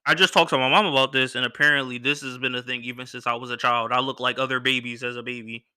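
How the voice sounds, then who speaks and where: Bright-voiced young man telling a story. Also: medium pitch, quick pace, clean tone. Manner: animated, acts out other people's lines in a raised voice, slangy. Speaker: podcast host. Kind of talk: casual storytelling monologue.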